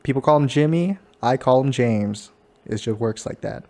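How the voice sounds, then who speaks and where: A man's voice: mid-range voice, moderate pace, mellow. A young man hosting a casual podcast, joking around with a friend. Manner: jokey, puts on silly voices and laughs a lot. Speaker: podcast host. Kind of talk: casual chat.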